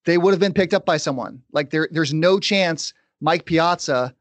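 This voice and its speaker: A man hosting a sports podcast, talking in a brisk, opinionated and conversational way. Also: fairly high pitch, no echo. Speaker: podcast host. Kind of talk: casual sports podcast chat.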